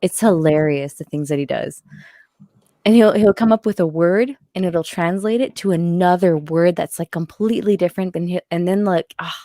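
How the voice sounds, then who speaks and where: Giggly woman with a low warm voice. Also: moderate pace, no room sound, studio quality. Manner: giggly, enthusiastic. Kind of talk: casual livestream chat.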